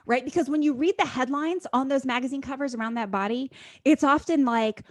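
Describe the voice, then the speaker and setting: A woman's voice: high-pitched, fairly quick, no echo. A woman in her forties hosting a podcast, talking earnestly and encouragingly, with frequent affirmations. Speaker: podcast host. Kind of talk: casual podcast interview.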